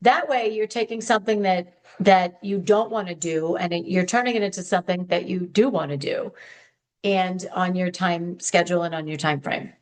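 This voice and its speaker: A woman hosting an advice podcast, talking in a chatty, animated way straight to her listeners. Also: on the low side, normal speed. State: hopped up on sugar. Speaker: podcast host. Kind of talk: upbeat advice podcast monologue.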